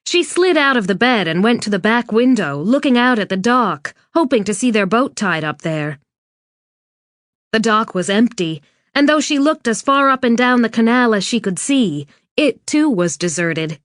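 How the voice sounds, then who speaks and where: A woman narrating a suspense novel in a measured, even scripted reading. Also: fairly high pitch, no echo. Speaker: audiobook narrator. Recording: dry studio read.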